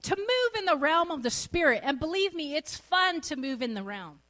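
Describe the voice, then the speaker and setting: A woman's voice: sits high, very animated, normal speed, a bit bright. A middle-aged woman preaching a sermon, exuberant and laughing often as she speaks.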